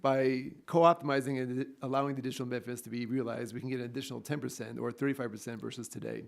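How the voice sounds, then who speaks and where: A man's voice: mid-range voice, level tone, fast talker, vocal fry. A man testifying as an expert witness at a hearing, giving fluent, technical answers.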